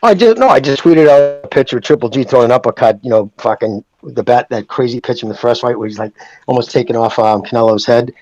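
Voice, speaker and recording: A man's voice: mid-range voice, quick pace, darkish tone. Ranting, swearing man on a dull line. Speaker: podcast guest. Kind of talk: casual boxing podcast chat.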